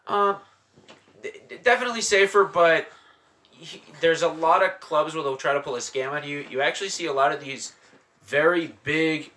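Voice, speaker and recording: Young male comic, animated storyteller, slightly high and bright, close-miked. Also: normal speed. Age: young adult. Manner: animated, laughing anecdotes. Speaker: guest comedian. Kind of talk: casual podcast storytelling. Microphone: handheld mic held close to mouth.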